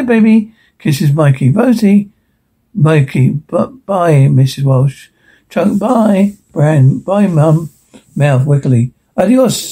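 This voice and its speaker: A man's voice: a little high, vocal fry, warm tone, slightly rough. A man reading a film transcript aloud, stumbling over words, restarting, and reading every part and stage direction in the same voice. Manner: reads stage directions and every character in one voice. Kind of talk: unrehearsed reading aloud of a script.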